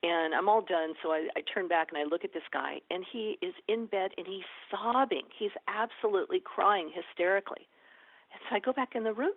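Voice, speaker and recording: A woman, an experienced ER nurse and educator, telling stories in a lively conversational interview and acting out the dialogue. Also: on the low side, fairly quick, no room sound. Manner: lively, animated storyteller acting out quoted dialogue. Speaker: ER nurse and educator, podcast guest. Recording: tinny phone-like line, dry.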